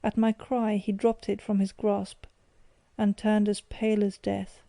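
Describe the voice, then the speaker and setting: A woman narrating a classic detective story as an audiobook, in a measured, even storytelling delivery. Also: medium pitch, gravelly, dry recording.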